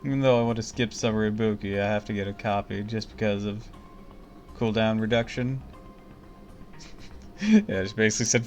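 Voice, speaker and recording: A man streaming a game, commenting casually and excitably, swearing and laughing often. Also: on the low side, normal speed, long pauses, soft background music.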